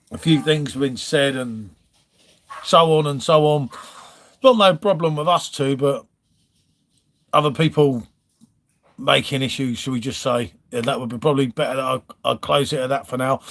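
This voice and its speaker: A man's voice: a little high, fairly bright tone. A middle-aged man, hosting a live stream in casual chat and greeting viewers by name. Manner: chatty, reads viewer names, trails off and restarts.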